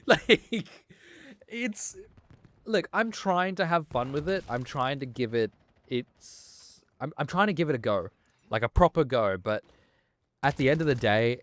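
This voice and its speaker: A man's voice: mid-range voice, lively intonation, slow pace, long pauses. A man in his twenties rants about a video game in a loose, profane way. He gets heated, stumbles, and restarts his thoughts as he goes. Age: 20s. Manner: heated, swearing, rambling with frequent restarts. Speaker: gaming vlogger. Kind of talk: casual ranting commentary.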